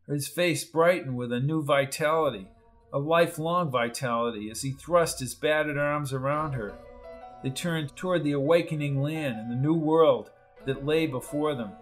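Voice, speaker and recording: Man narrating horror over loud music. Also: on the high side, poor audio. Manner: measured, dramatic reading. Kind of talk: dramatic horror audiobook narration.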